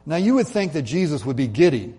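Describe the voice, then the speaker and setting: A man preaching a sermon in an earnest way, slowing down and dropping his voice to stress key points. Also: on the high side, sing-song, dark tone, breathy edge. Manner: earnest, slows and drops his voice for emphasis. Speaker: pastor.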